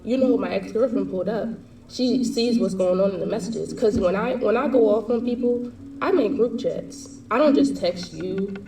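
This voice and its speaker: Young woman vlogger, storytime monologue, mellow tone, echoey room, mic set back. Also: mid-range voice, far from the mic, slight background noise. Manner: heated, fast slangy retelling.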